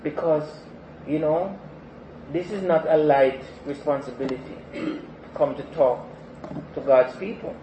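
A man's voice: on the high side, steady tone, measured pace, long pauses, background noise. A man preaching a sermon in an earnest manner, repeating key phrases for emphasis. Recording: echoey, slightly dull sanctuary recording.

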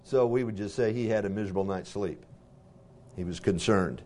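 A man's voice: on the low side, brisk, mellow. Man reading scripture and asking questions. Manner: conversational, asks listeners rhetorical questions. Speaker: Bible teacher.

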